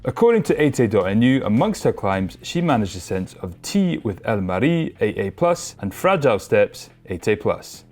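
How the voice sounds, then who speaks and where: A man's voice: on the low side, very animated, moderate pace, few pauses, darkish tone, faint music behind. Easygoing man co-hosting climbing news. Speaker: co-host of climbing news show. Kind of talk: news show banter and read reports.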